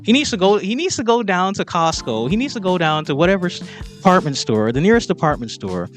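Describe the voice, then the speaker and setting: A man giving mocking, exasperated opinion commentary on video clips, repeatedly telling his target to calm down. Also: high voice, fairly quick, faint music behind.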